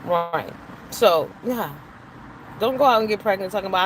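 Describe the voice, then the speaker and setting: A woman's voice: medium pitch, normal speed, low-quality recording. Brief: middle-aged woman, show host, emphatic and profane opinion talk, faint background hiss. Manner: blunt, profane, emphatic, preachy asides. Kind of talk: opinionated casual commentary.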